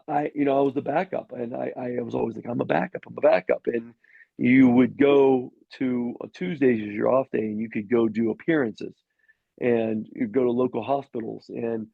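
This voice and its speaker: A man's voice: mid-range voice, creaky, dry recording, phone-quality sound. A middle-aged man, a former pro quarterback, telling rambling anecdotes in a casual interview with many restarts and fillers.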